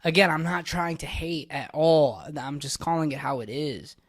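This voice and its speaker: A man's voice: a little high, normal speed. A man hosting a reaction video, giving blunt, opinionated casual commentary that rambles with frequent restarts. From United States.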